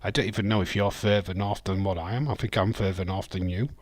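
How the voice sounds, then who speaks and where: A low, steady voice delivered fast over a dry recording: a Yorkshire man hosting a wrestling watch-along live. He chats loosely, reacts to chat messages, and laughs often.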